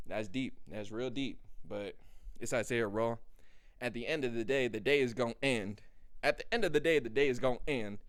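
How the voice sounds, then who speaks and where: A young man giving a comedic, profane rant to camera as a vlogger, swinging from low mumbles to loud bursts in street slang. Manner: animated, swings between mumbles and loud outbursts. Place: indoor room.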